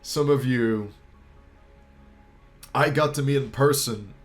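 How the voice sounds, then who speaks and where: A young man talks to his viewers in a voice that is choked up and close to tears. His mid-range delivery halts, trails off and restarts, with casual swearing mixed in. Faint music plays softly underneath. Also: mid-range voice. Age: young adult. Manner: emotional, halting, restarts and pauses, swears casually. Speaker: YouTuber. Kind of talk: heartfelt farewell talk to viewers.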